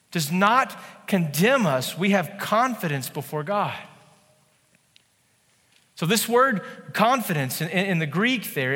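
A man in his thirties preaching a sermon in a church, conversational and animated, with playful asides. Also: sits high, in a large hall. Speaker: pastor.

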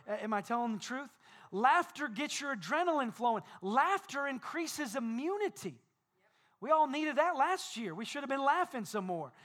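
A man preaching a sermon as pastor, building repeated phrases up to loud peaks. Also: very high-pitched.

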